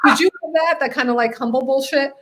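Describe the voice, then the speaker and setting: High-voiced chatty woman host. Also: fast. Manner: chatty, animated storyteller, fillers. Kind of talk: casual interview chat.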